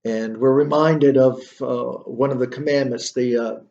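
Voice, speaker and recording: A man's voice: mid-range voice, fairly even intonation, unhurried, gravelly, mellow, highs cut off. A male instructor giving a literature lecture, thinking aloud with many fillers and rhetorical questions.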